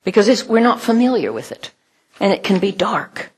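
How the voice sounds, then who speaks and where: A woman's voice: mid-range voice, very animated, normal speed, slightly rough. A middle-aged woman giving a sermon in a conversational way, laughing often and acting out the voices she quotes. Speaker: pastor.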